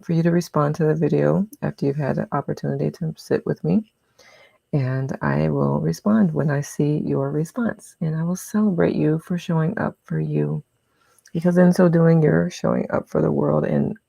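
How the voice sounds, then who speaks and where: A meditation host chats with viewers in an unhurried, encouraging way before a session. The voice is mellow and deeply gravelly. The sound is dry and close, with no room echo. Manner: encouraging and chatty. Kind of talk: casual livestream talk before meditation.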